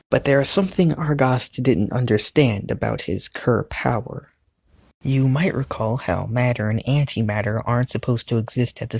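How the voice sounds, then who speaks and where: Husky and medium in pitch, this man's voice carries a playful cartoon-series recap for YouTube, sprinkled with jokes to the viewer. There's no room sound, and he ramps up, louder and livelier, at the climax.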